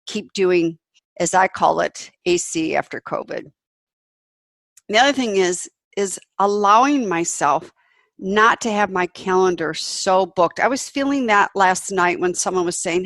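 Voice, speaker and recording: A woman's voice: mid-range voice, moderate pace, fairly bright tone, no echo. A middle-aged woman hosting her own show, talking candidly and emphatically in a personal reflective monologue, swearing freely. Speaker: podcast host.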